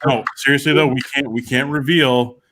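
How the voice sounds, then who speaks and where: A man's voice: mid-range voice, steady tone, moderate pace, fairly bright tone, a little hiss or hum. A man on a casual live stream recapping a convention weekend with enthusiasm.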